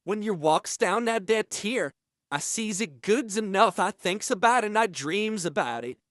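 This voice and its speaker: A man's voice: high-pitched, expressive, a bit bright, no echo, studio quality. Man doing a leering, drawling inmate. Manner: slow drawling voice with dropped grammar. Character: leering menacing male inmate, obsessive and creepy.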